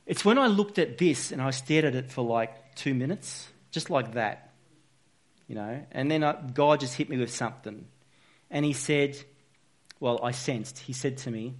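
A man's voice: medium pitch, moderate pace. A man giving an informal, earnest sermon, talking conversationally with frequent restarts and fillers. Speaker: preacher.

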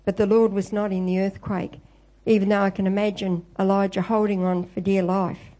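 A woman preaches a sermon in a warm, mellow voice of middle pitch. She retells scripture as a story and lifts her voice when she quotes it. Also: level tone, moderate pace, poor audio. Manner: storytelling, quoting scripture with lifted voice.

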